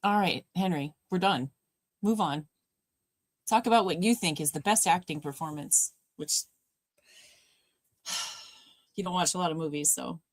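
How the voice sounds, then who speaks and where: A woman's voice: fairly low pitch, a little slow, long pauses, no room sound. A woman co-hosting a live movie watch party, chatting casually and rambling about films, laughing often.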